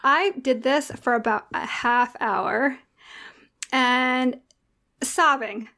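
A woman's voice: high voice, drawn-out words. A woman who is the mother of young girls, telling a story in casual chat and acting out the dialogue. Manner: animated storyteller, acts out dialogue.

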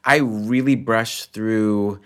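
A man's voice: on the low side, steady tone, slow. A man guesting on a podcast, chatting casually, hesitant and trailing off with many fillers. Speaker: comedian guest. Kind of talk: casual interview chat.

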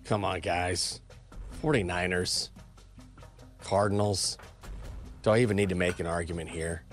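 A man's voice: low voice, fairly even intonation, unhurried, faint music behind. A man co-hosting a sports show, teasing his co-hosts and cracking jokes in casual chat. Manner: teasing, wisecracking.

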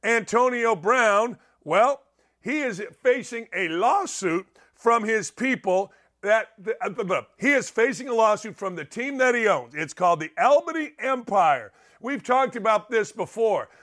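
A man's voice: sits high, animated, moderate pace, a bit bright. A middle-aged man hosting a talk show, delivering an opinionated monologue full of sarcastic, mocking rants. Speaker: sports radio host.

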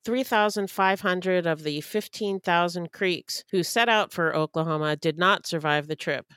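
A woman co-hosting a podcast, reading history notes at a steady pace and agreeing often with her co-host. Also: on the low side, moderate pace, smooth, no room sound, clean studio sound.

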